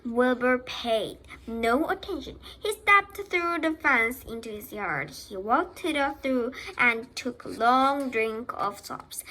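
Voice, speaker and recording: A woman's voice: fairly high pitch, pushed and bright, a little hiss or hum, poor audio. A woman reading a children's novel aloud, with slips that she corrects as she goes. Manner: reads slowly with slips and self-corrections. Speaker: reader.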